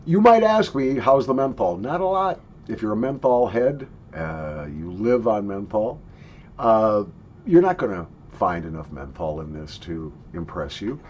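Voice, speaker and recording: A man's voice: lowish voice, very animated, a little slow, a little mellow, lo-fi sound, slight background noise. A man in a casual product review, chatty and jokey, coughing and sniffing between his remarks. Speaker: snuff reviewer.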